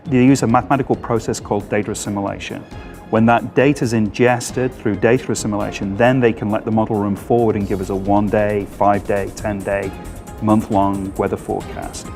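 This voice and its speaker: A man's voice: on the low side, gravelly, darkish tone. A man scientist giving methodical, lecture-like explanations in an interview. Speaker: mission scientist.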